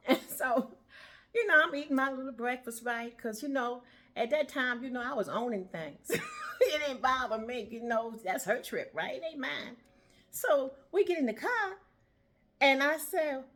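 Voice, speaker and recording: A woman's voice: high voice, big pitch swings, measured pace, pauses often. A woman giving a casual motivational talk and telling a story, laughing often and acting out the voices of the people in it. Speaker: motivational vlogger.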